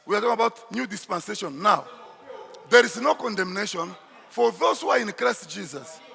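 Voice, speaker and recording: Male pastor, bright gravelly voice, slow emphatic sermon delivery, echoey church hall. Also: high-pitched, lively intonation. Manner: emphatic preaching, shifts into Swahili asides.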